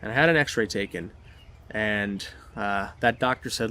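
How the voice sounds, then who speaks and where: A man giving a motivational talk, telling his personal story in an animated, dramatic way. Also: fairly low pitch, normal speed, a little hiss or hum. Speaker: motivational speaker.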